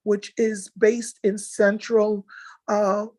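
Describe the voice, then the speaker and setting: A woman presenting event slides in a casual, halting way, full of fillers and restarts, and moved to tears at times. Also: medium pitch, little pitch movement, a little mellow, no room sound, rough recording. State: tearful at times. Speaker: nursing association organizer presenting slides. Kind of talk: casual spoken slideshow recap.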